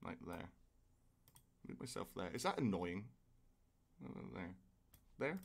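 A man's voice: low-pitched, big pitch swings, takes it slowly, vocal fry. A man, streaming a game and chatting casually in a rambling way that swears freely. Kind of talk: casual gameplay stream chat. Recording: game music playing behind.

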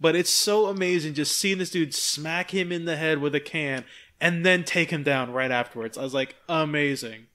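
A man co-hosting a podcast, telling a story in a lively way, acting out the voices of the people in it and swearing freely. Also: on the high side, moderate pace. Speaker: podcast co-host. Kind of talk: casual chat.

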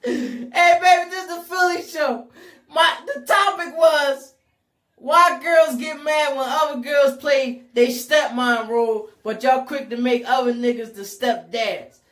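A woman with a Philadelphia accent hosting a live call-in talk show, loud and hyped, shouting to her callers. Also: sits high, unhurried, roomy sound. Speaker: radio talk show host.

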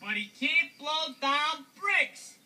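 A woman's voice: high-pitched, animated, slow, pushed and bright, distant mic, heavily acted. A woman voicing a sensible, bossy little pig in a children's puppet show, emphatic and insistent.

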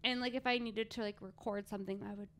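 A woman's voice: mid-range voice, steady tone, fast talker, fairly bright tone, a little hiss or hum. A woman from Southern California, a stand-up comedian chatting casually as a podcast guest and telling stories in a laid-back way.

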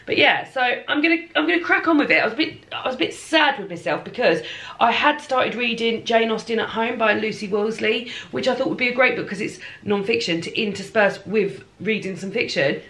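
A woman's voice: on the high side, a little fast, a bit bright. Chatty English woman, casual book vlogger, rambling and offhand, recorded in an echoey home kitchen. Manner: chatty, rambling, self-deprecating, swears casually. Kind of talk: casual rambling vlog chat. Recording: echoey room.

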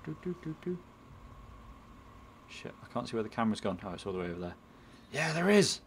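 A man's voice: mid-range voice, big pitch swings, fairly quick, slight background noise. A man commentating his own game playthrough, rambling and self-mocking, muttering at the game as he plays. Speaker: gaming channel host. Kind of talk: let's play commentary.

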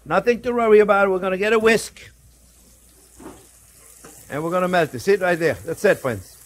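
In a kitchen cooking demo, a male chef and show host speaks at a normal speed in a high-pitched voice. His tone is chatty and full of jokes, and he addresses the audience as his friends. A pan sizzles faintly behind him.

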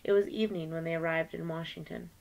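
A woman's voice: sits low, fairly even intonation, fast talker, vocal fry, darkish tone, poor audio. A woman teacher reading a novel aloud to her class, page by page, lightly voicing the characters.

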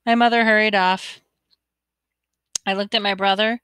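A woman reading a children's chapter book aloud, telling it in an expressive first-person way. Her voice is bright and crisp. The recording is dry and close, with no room sound. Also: medium pitch, moderate pace, pauses often, no echo. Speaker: audiobook reader. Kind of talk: storybook read-aloud.

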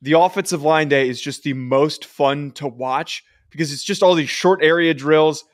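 A man's voice: a little high, normal speed, no room sound, studio quality. A man co-hosting a football podcast in a casual chat, enthusiastic and prone to voice cracks. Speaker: podcast co-host.

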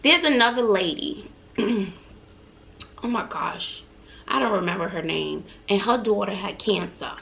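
A middle-aged woman from Texas talks straight to her viewers in a chatty, heartfelt vlog. Her voice sits at an ordinary middle pitch, and she sounds earnest and a little emotional as she shares encouraging stories. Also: a little slow, creaky, fairly bright tone, slight background noise. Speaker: vlogger. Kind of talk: heartfelt motivational storytelling.

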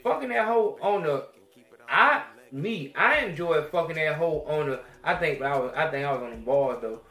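A young man, a podcast host telling a crude story in a profane, animated rant that swings between loud outbursts and mutters. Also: a little high, normal speed, roomy sound.

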